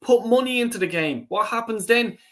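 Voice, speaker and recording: A man's voice: very high voice, expressive, a little fast. Swearing Irish man on a live stream. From Ireland. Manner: swears freely, frequent ums and restarts. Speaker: channel host reading live chat. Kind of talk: casual live-stream chat.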